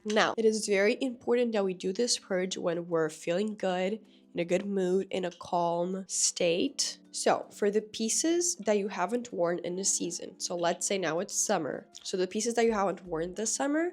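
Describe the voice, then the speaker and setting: A young woman fashion vlogger with a hoarse, cracking voice from being sick, chatting casually and opinionated to camera. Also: medium pitch, darkish tone. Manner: chatty, opinionated, lightly joking.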